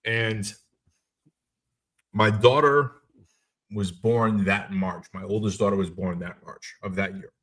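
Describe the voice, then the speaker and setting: Middle-aged male co-host, lowish and bright, emphatic talker. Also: slow, long pauses. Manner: excited, emphatic storytelling. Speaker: podcast co-host. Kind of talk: casual chat.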